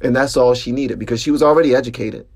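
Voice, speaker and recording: Telling a story on his own podcast, a man talks fast in a gravelly voice. His casual monologue is animated, and his pitch jumps up whenever he gets worked up.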